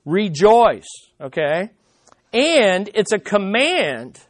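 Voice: mid-range voice, sing-song, extremely slow, dry recording. Emphatic preacher with a dry sound. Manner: emphatic, repeats key points; conversational, asks the listeners questions. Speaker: pastor. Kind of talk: sermon.

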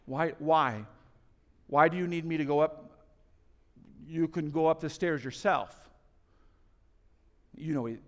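Animated preaching man in a reverberant hall. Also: a little high, normal speed, long pauses. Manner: animated storytelling, swinging from loud to soft. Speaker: pastor. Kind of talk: sermon.

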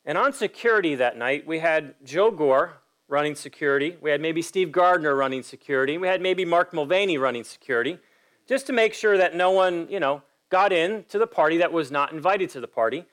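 Male pastor, fairly high voice, emphatic sermon delivery with pointed questions to the congregation. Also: lively intonation, a little fast, a bit bright. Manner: acts out quoted voices in a story.

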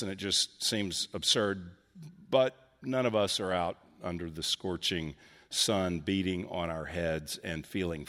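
A man's voice: deep voice, a bit bright, big-room sound. A man preaching a sermon in an earnest way, acting out questions with rising emphasis. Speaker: pastor.

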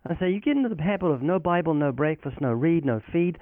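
A man's voice: on the high side, animated, fast talker, hardly any pauses, dry recording. A man speaks as an evangelist guest, preaching with earnest conviction and acting out short exchanges between himself and others. His voice arrives over a tinny, phone-like line. The sound is dry, with no room around it. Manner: earnest preaching delivery, quoting scripture and acting out dialogues. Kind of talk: recorded phone interview about faith.

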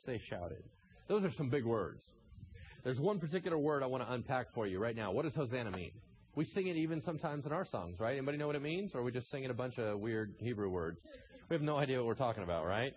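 A man's voice: mid-range voice, lively intonation, brisk, lo-fi sound. A man preaching a sermon, asking the congregation rhetorical questions and reading scripture aloud. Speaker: pastor.

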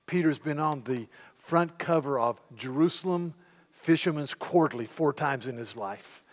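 Man, middle-aged pastor, lively sermon storytelling, slightly high voice, long church-hall echo. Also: normal speed. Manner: animated storytelling, retelling scenes in character voices. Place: church sanctuary.

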